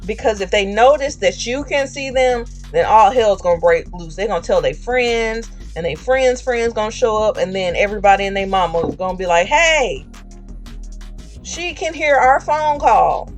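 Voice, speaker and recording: Female streamer, mid-pitched, casual storyteller who acts out voices; faint music behind. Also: darkish tone. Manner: chatty, acts out voices with slang.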